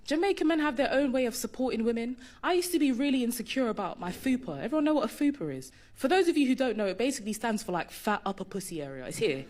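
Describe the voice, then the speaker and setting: A woman's voice: a little high, big pitch swings, quick pace, hardly any pauses, darkish tone. A woman doing bawdy, conversational stand-up storytelling. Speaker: stand-up comedian. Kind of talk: stand-up comedy.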